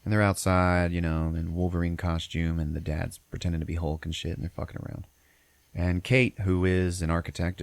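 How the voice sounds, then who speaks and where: A man's voice: low voice, creaky, a little mellow, dry recording. A man hosting a podcast, recapping a movie in a rambling, profane, casual way. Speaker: podcast host.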